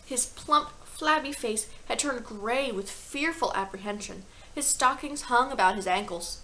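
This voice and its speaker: Woman teacher, storybook read-aloud, expressive, bright tone, slightly high pitch. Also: unhurried, slight background noise, low-quality recording. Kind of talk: reading a novel aloud to a class.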